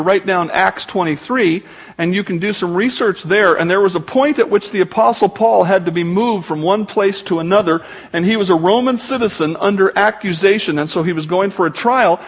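A man's voice: high-pitched, breathy edge. A man preaching a sermon as pastor, talking conversationally with joking asides to the congregation.

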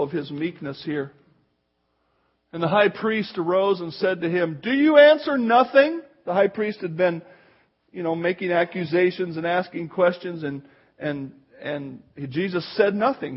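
A man's voice: a little high, husky, dull audio. A man preaching a sermon, mixing scripture reading with casual storytelling. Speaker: pastor.

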